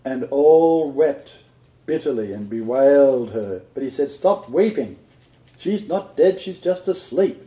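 A man's voice: medium pitch, lively intonation, unhurried. A man leading an interactive Bible study, quizzing his group and laughing often. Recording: roomy dull lo-fi recording.

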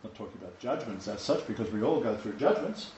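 A man preaching informally to a small group, quoting scripture with emphatic, animated delivery and frequent restarts. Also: fairly low pitch, fast talker, slight background noise. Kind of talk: informal home-group sermon. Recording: roomy, dull lo-fi room recording.

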